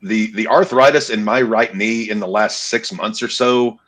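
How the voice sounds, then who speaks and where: Low-voiced man in his thirties, rambling. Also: steady tone, moderate pace, fairly bright tone, poor audio. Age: 30s. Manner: rambling, self-deprecating, swears. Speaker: podcast co-host. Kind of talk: casual chat.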